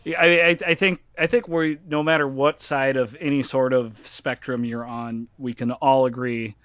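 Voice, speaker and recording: A man's voice: medium pitch, flat delivery, normal speed, fairly bright tone, smooth, dry recording. A man hosting a casual podcast chat, ranting emphatically and joking, with frequent restarts. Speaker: podcast host.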